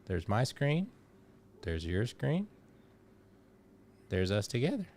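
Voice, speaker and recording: A man hosting a live stream, casually walking a guest through a software setup, step by step. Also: medium pitch, wildly swooping pitch, slow. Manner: explains step by step, loose and chatty. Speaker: host.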